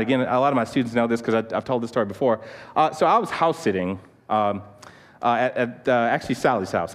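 A man preaching a sermon, telling a personal story with animated restarts and asides, then praying in a quieter tone. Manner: animated storytelling, many restarts, repeats "okay?"; turns soft and low in prayer. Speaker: youth pastor. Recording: long hall reverb.

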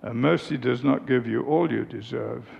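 A man preaching a sermon, telling a family story in a slow, deliberate, teaching tone. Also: mid-range voice, gravelly, darkish tone, dull audio.

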